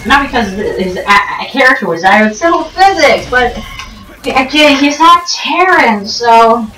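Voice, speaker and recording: A woman rambles through joking commentary over gameplay, drifting off topic and leaping up and down in pitch. Her voice echoes around a roomy space, picked up from a distant mic. Faint game music plays underneath. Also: expressive, measured pace, sharp tone. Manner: joking, digressive, many ums and restarts, sudden jumps in pitch.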